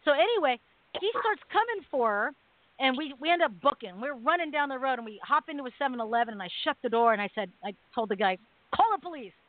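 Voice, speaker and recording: A woman's voice: sits high, fast, no echo. Woman storytelling over a phone line. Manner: animated storytelling, acts out quoted voices. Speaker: radio show co-host. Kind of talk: casual storytelling on talk radio. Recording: dry phone-line audio.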